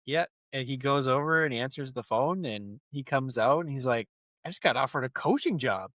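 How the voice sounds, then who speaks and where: Animated middle-aged man retelling a plot. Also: medium pitch, brisk, no echo. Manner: animated storyteller, jumps into character voices. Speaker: podcast co-host. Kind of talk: casual chat reviewing a TV episode.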